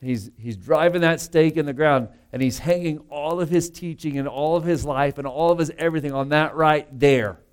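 A pastor preaching a sermon in a conversational, emphatic way, full of rhetorical asides. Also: male voice, on the high side, moderate pace, hardly any pauses, smooth.

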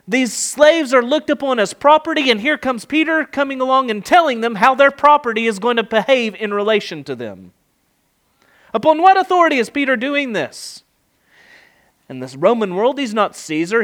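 A man's voice: high voice, fairly bright tone. A middle-aged man preaching an expository sermon, emphatic, with rhetorical questions and rising and falling delivery.

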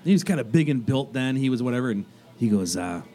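A man hosting a radio talk show, telling stories in a lively, laughing way. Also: mid-range voice, fast. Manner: animated, laughing storyteller. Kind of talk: casual storytelling chat.

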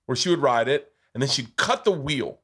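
A middle-aged man hosting a podcast, telling stories in a lively casual way, acting out quotes and swearing. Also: medium pitch, a little fast, slightly rough. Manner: animated storyteller, swears, acts out quotes. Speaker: podcast host. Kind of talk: casual storytelling chat.

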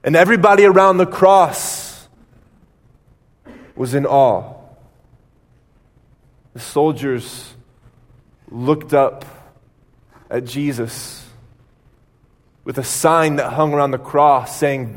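Slow, dramatic male preacher. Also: fairly high pitch, long reverb tail. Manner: dramatic retelling with pauses. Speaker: pastor. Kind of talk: sermon storytelling.

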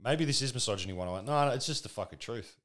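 A man's voice: medium pitch, animated, racing, fairly bright tone. A man rambling through a crude, sardonic comedic monologue.

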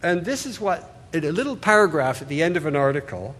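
A man's voice: a little high, big pitch swings, a little fast, fairly bright tone. A man giving an art history lecture, talking loosely and pointing things out on slides, often restarting his phrases. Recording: hall reverb, husky voice.

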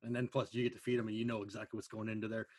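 Eager husky-voiced male interviewer. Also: fairly low pitch, flat delivery, no room sound. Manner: eager, quick to agree. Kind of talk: casual conversation.

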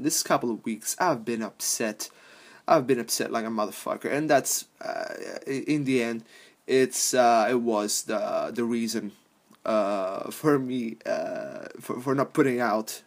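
A man's voice: mid-range voice, gravelly. A young adult man hosting a podcast, rambling casually and swearing, laughing often between thoughts. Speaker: podcast host.

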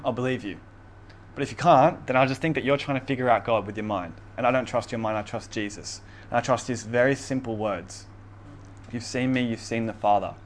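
A man preaching a casual sermon, who reads scripture aloud with emphasis and laughs often, over faint room noise. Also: medium pitch. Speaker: pastor.

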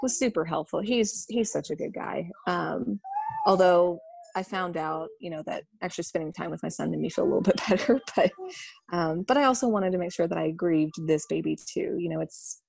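Creaky-voiced woman telling a personal story. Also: on the low side, a little mellow, no echo. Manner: halting, full of ums and you-knows. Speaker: vlogger sharing a personal story.

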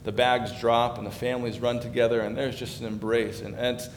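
A man's voice: flat delivery, a little fast. A man giving a sermon as pastor, talking conversationally and building in emphasis. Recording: echoey hall with faint background rumble.

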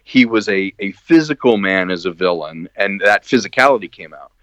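Man, filmmaker guest, animated storyteller, acts out quotes, muffled call audio, dry sound. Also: low-pitched, normal speed, no echo. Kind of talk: casual interview. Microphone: video call.

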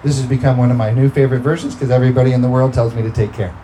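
A man's voice: mid-range voice, fairly even intonation, racing, warm tone, a little hiss or hum, low-quality recording. A man preaching a sermon, talking through scripture in a conversational way and breaking into emphatic bursts.

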